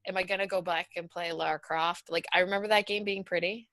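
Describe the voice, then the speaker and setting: A woman's voice: fairly low pitch, fairly even intonation, quick pace, a bit bright, dry recording. A woman hosting a casual gaming podcast, chatting and putting questions to her co-hosts. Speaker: podcast host. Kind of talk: casual chat.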